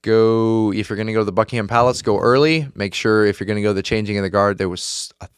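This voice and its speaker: A man's voice: on the low side, fast, smooth, dry recording, clean studio sound. A young man co-hosting a podcast, telling travel stories in an enthusiastic, joking way. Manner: enthusiastic storyteller, jokey. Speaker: podcast co-host. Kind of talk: casual chat.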